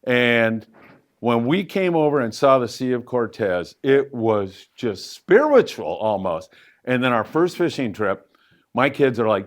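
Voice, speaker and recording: A middle-aged man at a live event spins fishing stories into a handheld mic. He has a medium-pitched, everyday voice and rambles with plenty of fillers. His pitch jumps up whenever he makes a point. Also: moderate pace. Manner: lively anecdotal storyteller with loose fillers, pitch jumping up for emphasis. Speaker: fishing show host answering audience questions. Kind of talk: live Q&A storytelling. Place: event room with a live audience.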